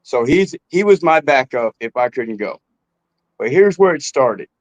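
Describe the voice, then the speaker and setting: A man's voice: mid-range voice, expressive, unhurried, dry recording, dull audio. A man talking as a rapper guest in a casual interview, laid-back and swearing freely, calling the host bro.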